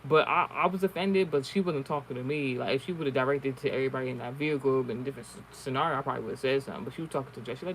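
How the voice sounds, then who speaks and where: A man's voice: medium pitch, racing, hardly any pauses, a bit bright, slight background noise, rough recording. A man telling a story in casual, rambling talk, swearing often and restarting his sentences, as an online streamer. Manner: rambling, profane, many restarts. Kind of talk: casual storytelling and card reading.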